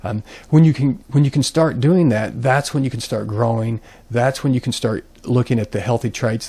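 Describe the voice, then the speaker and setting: Casting note: man, channel host, easygoing self-help monologue, halting and full of fillers. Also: mid-range voice, warm tone. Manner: rambling, many ums and restarts. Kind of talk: casual self-help talk to camera.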